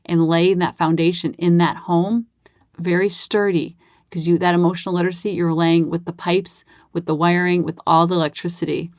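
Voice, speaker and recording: A woman in her forties telling stories on her parenting podcast, her voice sitting a little low. She talks in a casual, chatty way with plenty of "like" fillers and jumps into animated voices for quoted dialogue. The sound is close and dry. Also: dry recording. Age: 40s. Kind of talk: casual solo podcast storytelling.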